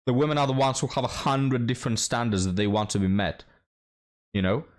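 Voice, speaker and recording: A man's voice: mid-range voice, fairly quick. A man hosting a reaction commentary, talking bluntly and mockingly with a lot of swearing. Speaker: commentary host.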